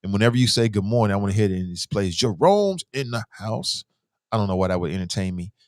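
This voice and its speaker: Speaking fast in a low, smooth, steady voice, a man who is a father runs a call-in talk show. He delivers casual opinions bluntly and loosely, swearing and using slang, and reads out messages from listeners. The sound is clean studio audio with no echo.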